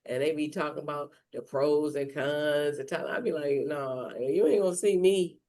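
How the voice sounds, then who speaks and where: A man with a Detroit accent hosting a podcast in casual chat over a video call, backing the guest with quick affirmations and laughing along. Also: fairly high pitch, fairly even intonation, creaky, darkish tone. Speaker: podcast host.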